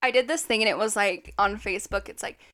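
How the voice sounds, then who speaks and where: A young woman co-hosting a podcast in casual chat, telling animated stories and swearing freely. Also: medium pitch, fast talker. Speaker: podcast co-host.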